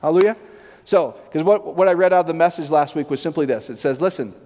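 A man's voice: a little high, fast talker, dark tone. A male pastor preaching a conversational sermon, often asking the congregation whether it makes sense. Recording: long reverb of a large hall.

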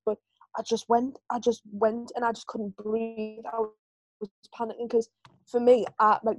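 A woman's voice: on the high side, warm tone, no echo, rough recording. A woman, co-hosting a podcast and telling a long personal story in a candid, rambling way, full of "like" fillers. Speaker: podcast co-host. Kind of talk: casual chat.

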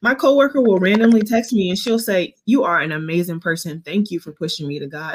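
Earnest, animated woman podcast host. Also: fairly low pitch, brisk, few pauses, noisy background. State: eight months pregnant. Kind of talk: casual Christian podcast chat.

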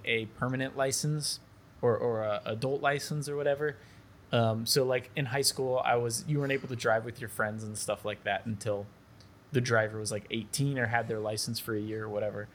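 Podcast guy, mid-range voice, kinda hesitant, lots of likes and ums, faint hiss behind. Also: medium pitch. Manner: hesitant explaining, many fillers. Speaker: podcast co-host. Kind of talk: casual chat.

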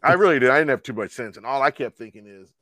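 A man's voice: mid-range voice, animated, fast, a bit bright, no room sound. A man in casual conversation, ranting bluntly and profanely. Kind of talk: casual chat.

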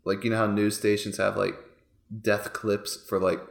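A man's voice: on the low side, normal speed, creaky. Chatty man in an echoey room. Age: 30s. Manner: animated, filler-heavy, laughs often. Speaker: podcast co-host. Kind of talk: casual chat.

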